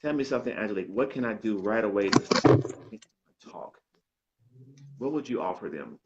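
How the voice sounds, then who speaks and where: A man's voice: on the low side, expressive, normal speed, dull audio, a little hiss or hum. A man hosting an interview show, encouraging his guest and rephrasing his questions to draw out practical tips. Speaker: show host.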